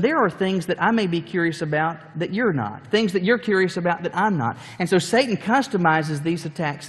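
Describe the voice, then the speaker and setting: A male pastor delivers a sermon and tells the story with acted-out scenes. His voice sits a touch high and rings in a hall with a long reverb. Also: fairly bright tone.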